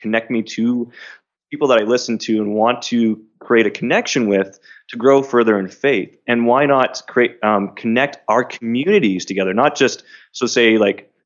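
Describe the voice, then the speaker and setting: A man speaking as a podcast guest, earnest and quick to laugh. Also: mid-range voice, highs cut off. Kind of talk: casual interview.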